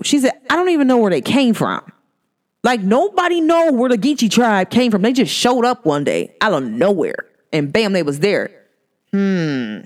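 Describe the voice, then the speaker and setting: A woman telling stories in a casual podcast monologue, speaking with slangy, animated delivery and laughing often as she acts out what people told her. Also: medium pitch, normal speed. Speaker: podcast host. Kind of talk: casual spiritual storytelling monologue.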